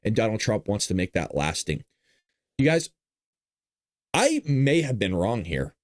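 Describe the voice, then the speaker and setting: A man hosting a casual political commentary show talks a little slowly but stays animated and jokey, laughing often and breaking into high, silly voices. The recording is dry and studio quality.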